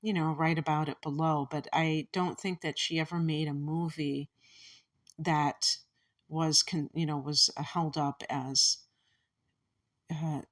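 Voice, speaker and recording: A woman's voice: low voice, fairly even intonation, takes it slowly. A woman from the Chicago area with a Chicago accent, giving a casual astrology commentary in a meandering, musing way that often restarts thoughts. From Chicago area, USA.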